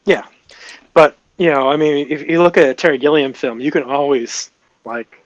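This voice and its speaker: A man playing a tabletop game, chatting casually in a halting way with restarts. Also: a little high, no room sound, dull audio. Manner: halting, many restarts and fillers. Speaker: player. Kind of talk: casual chat at the gaming table.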